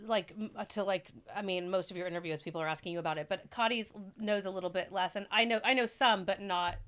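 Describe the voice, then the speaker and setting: A woman's voice: medium pitch, quick pace, a bit bright. A woman co-hosting a podcast, asking questions hesitantly and often restarting them. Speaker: podcast co-host. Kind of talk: casual interview chat.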